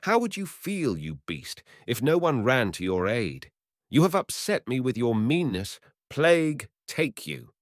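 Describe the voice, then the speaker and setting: A man's voice: medium pitch, big pitch swings, unhurried, dry recording, clean studio sound, voice pushed up. A man voicing an angry young male hunter who scolds and threatens. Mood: scornful.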